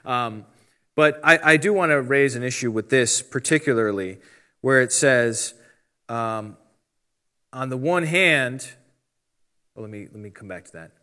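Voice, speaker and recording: Bright-voiced man teaching Bible conversationally. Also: mid-range voice, measured pace, pauses often. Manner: conversational, explains step by step, reads out translations. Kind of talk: casual teaching talk.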